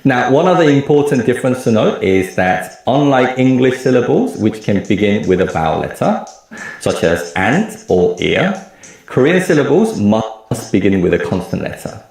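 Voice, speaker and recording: A man teaching a recorded lecture, explaining clearly and repeating example words slowly. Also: mid-range voice, sing-song, a little mellow, heavy reverb. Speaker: language teacher.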